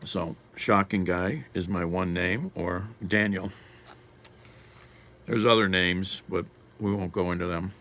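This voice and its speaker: A man's voice: low-pitched, fairly even intonation, slow, fairly bright tone, slight background noise. A man live streaming while eating lunch, chatting casually and wryly answering comments from chat.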